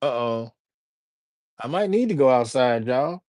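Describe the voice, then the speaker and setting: A man from Alabama talks loosely to his livestream chat, greeting viewers one after another. His voice sits at an ordinary middle pitch. The sound is dry and close, with no room around it. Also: lively intonation, unhurried, no echo. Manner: chatty, greets and shouts out viewers by name. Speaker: livestreamer and rapper. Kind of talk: casual live-stream chat.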